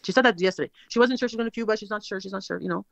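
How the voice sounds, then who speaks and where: A woman's voice: medium pitch, racing, creaky, fairly bright tone, dry recording. A woman telling a rambling personal story, breathless and full of fillers and quoted dialogue, heard as a played clip. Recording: dull lo-fi clip audio.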